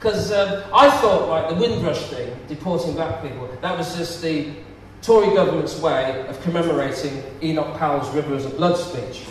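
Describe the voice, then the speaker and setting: A man doing stand-up comedy, lively and laughing through his punchlines. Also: on the high side, normal speed, few pauses. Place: comedy club stage. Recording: distant echoey hall with noise.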